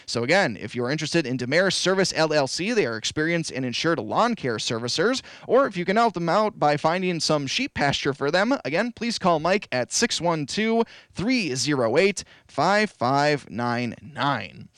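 A friendly man hosts a small local radio call-in show, reading listings and phone numbers at an easy pace. His voice sits a touch high. The studio sound is dry and close. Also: dry recording. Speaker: radio host. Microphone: studio microphone.

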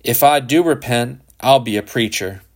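A man voicing a defiant, scornful teenage boy who talks rough and sullen. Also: medium pitch, moderate pace, lightly acted.

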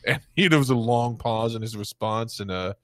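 A man co-hosting a casual podcast, telling stories in an animated way, laughing often and swearing. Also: mid-range voice, moderate pace, no room sound. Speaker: podcast co-host. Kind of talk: casual chat.

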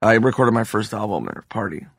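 A man's voice: fairly low pitch, animated, fast talker, vocal fry, husky, no echo, studio quality. A comedian guest, a man who is hungover, telling profane anecdotes casually and laughing through them on a podcast.

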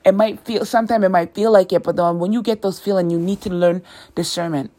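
A woman's voice: fairly low pitch, steady tone, quick pace, warm tone. A woman hosting a faith podcast, praying and talking earnestly with many repetitions. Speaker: podcast host. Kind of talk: prayer and faith talk.

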